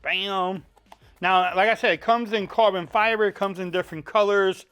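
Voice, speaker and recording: A man's voice: high voice, fairly even intonation, normal speed, fairly bright tone, clean tone, soft background music. A man with a Cajun accent, chatting casually as he reviews a phone case in a folksy way. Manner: chatty, folksy, says y'all. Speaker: tech reviewer.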